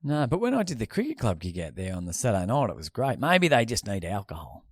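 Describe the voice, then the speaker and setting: A man's voice: on the low side, quick pace, slightly rough, no room sound, studio quality. An Australian man co-hosting a podcast, telling sweary stories in casual banter. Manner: sweary storytelling, lively and animated. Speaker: podcast co-host.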